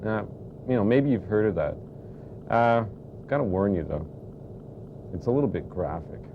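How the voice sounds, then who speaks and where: Gravelly chatty man, lo-fi recording. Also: lowish voice, animated, moderate pace, a little hiss or hum. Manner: hesitant, chatty, with fillers. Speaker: puppet show narrator. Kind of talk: casual storytelling. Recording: dull lo-fi home recording.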